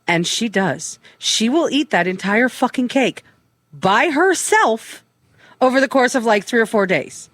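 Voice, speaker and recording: Brief: middle-aged woman co-host, higher pitch, lively storyteller, dry close studio sound. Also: measured pace, no echo. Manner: animated storytelling, frequent swearing. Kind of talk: casual chat.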